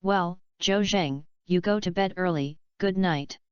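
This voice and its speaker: A woman's voice: fairly low pitch, measured pace, clear, resonant tone, no echo, lightly acted. A woman reading the lines of a shy young heroine in an audiobook, in her own plain voice. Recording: dull lo-fi dry recording.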